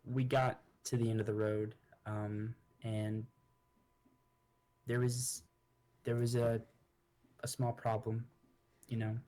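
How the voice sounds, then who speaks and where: A man in his own voice playing an earnest, grieving noblewoman who stumbles and circles back as she delivers bad news. The pitch stays flat and even. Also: slow pace, long pauses, lightly acted. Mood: sorrowful. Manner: rambling and hesitant, with many restarts.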